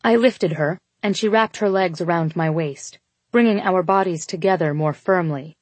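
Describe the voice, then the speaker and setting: Give me a woman with a lowish voice reading a first-person story, steady and intimate, dry and close to the mic. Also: normal speed, no echo. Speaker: audiobook narrator. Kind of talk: scripted first-person narration.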